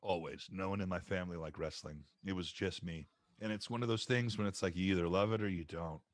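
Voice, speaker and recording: A man's voice: deep voice, fairly quick, no room sound. A man, a voice actor, telling stories in a casual livestream chat, acting out the people he quotes. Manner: animated storyteller acting out quotes. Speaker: voice actor guest. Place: home, livestream call.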